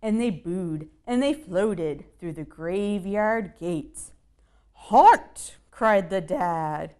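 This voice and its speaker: A woman's voice: on the low side, slow pace, darkish tone, smooth. A woman reading a rhyming picture book aloud to children. She reads in a sing-song way and stops to ask her listeners questions and add playful asides.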